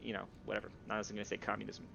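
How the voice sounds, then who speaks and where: A man's voice: lowish voice, completely flat delivery, very fast, vocal fry, bright, forceful tone, dull audio, a little hiss or hum. A man narrating as game master of a tabletop game, rambling with fillers and restarts.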